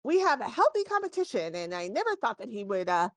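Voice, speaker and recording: A woman's voice: a little high, sing-song, fast talker, no room sound, pitched above the performer's own voice. A woman voicing a small male gnome who runs a leather shop, chatty and amused. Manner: chatty, laughs to himself.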